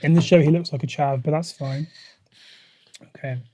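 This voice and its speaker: High-voiced man, chatty host. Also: fairly even intonation, warm tone, no room sound. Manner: chatty, swears freely, quick asides. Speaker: podcast host. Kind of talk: casual chat.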